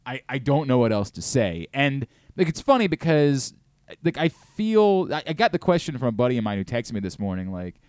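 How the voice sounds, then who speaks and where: A middle-aged man hosting a sports talk show, ranting and gushing in a casual, profane, excitable way. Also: medium pitch, clean tone, dry recording, clean studio sound. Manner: animated, profane, rapid swings between excitement and rant. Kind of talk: casual sports radio chat.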